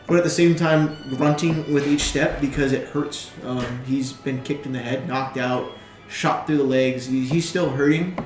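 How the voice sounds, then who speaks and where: A young man narrating casually as dungeon master, chatty and laughing often. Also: on the high side. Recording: echoey room with music behind.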